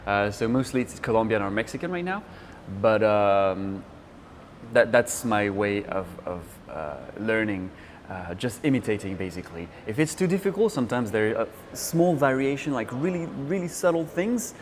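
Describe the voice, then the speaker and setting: Low-voiced French man, halting interview talk. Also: animated, slight background noise. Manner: halting, many fillers and restarts. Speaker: interview guest. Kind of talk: casual interview answers.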